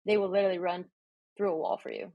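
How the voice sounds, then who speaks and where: Woman coach, podcast guest, lowish voice, dry close mic, animated storyteller. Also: fast talker, no echo, highs cut off. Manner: animated, acts out her own quoted dialogue. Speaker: strength and conditioning coach, guest.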